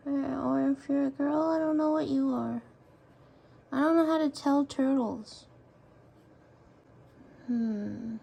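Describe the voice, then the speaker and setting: Woman vlogger, high gravelly voice, slow, coaxing baby talk to a pet. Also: dark tone. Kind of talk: casual vlog talking to a pet turtle.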